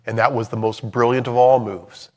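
A man preaching a sermon in a conversational way, swinging from loud emphatic bursts to soft, hushed lines. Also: mid-range voice, flat delivery, moderate pace.

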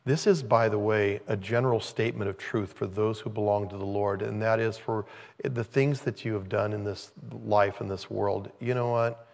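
A man preaching as a pastor, teaching through a scripture passage conversationally and growing animated when he retells the scenes. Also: lowish voice, moderate pace, creaky. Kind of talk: expository sermon.

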